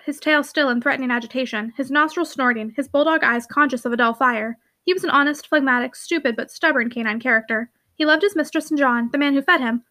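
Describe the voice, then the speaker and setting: A woman narrates a classic novel for an audiobook, her voice pitched high and light. She moves through the text at a brisk, steady pace without lingering on any line.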